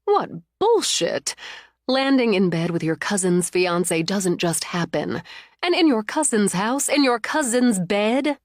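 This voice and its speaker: A woman's voice: mid-range voice, animated, a little slow, dry recording, close to an everyday voice. A woman voicing a loving, protective middle-aged mother who is fiercely indignant on her daughter's behalf, read in an audiobook with a dry, close sound. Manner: warm, soothing, indignant.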